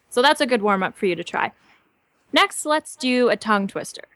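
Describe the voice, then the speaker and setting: A woman's voice: a little high, expressive, a little fast, fairly bright tone, no echo. Upbeat Canadian woman coaching voice actors. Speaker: podcast co-host teaching voice acting. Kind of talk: casual instructive podcast chat.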